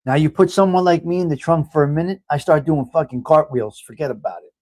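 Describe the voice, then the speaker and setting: New guy running a livestream, kinda high voice, mob-style joking and cussing, dry close sound. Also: fast, darkish tone, dry recording. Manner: joking mob-style banter, swears freely. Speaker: livestream host. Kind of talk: casual livestream chat, reading viewer comments.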